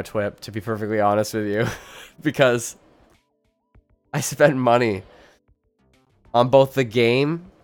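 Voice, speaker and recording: Brief: male live streamer, casual gameplay chat, mid pitch, dramatic whiny complaints broken up by laughs, quiet game music underneath.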